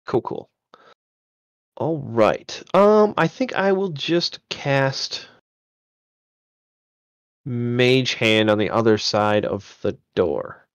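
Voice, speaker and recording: Man, tabletop player, mid pitch, dry sound; jokey, rule-explaining. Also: expressive, drawn-out words, pauses often, clear, resonant tone, no room sound. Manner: joking, explains rules to the group. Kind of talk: casual tabletop play chat.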